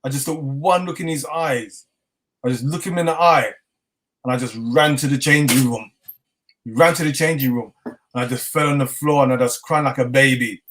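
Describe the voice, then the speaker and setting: A middle-aged man with a London accent, telling his story in a casual interview and acting out the dialogue. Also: mid-range voice. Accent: London English. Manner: animated, acts out dialogue, laughs often. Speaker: chef and interview guest.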